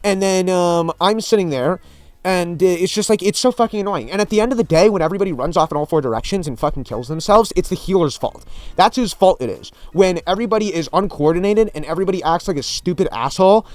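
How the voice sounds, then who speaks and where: A man's voice: sits high, animated, fast talker, no echo. A man ranting about a video game in a vlog, profane, exasperated and repetitive. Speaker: gaming commentator.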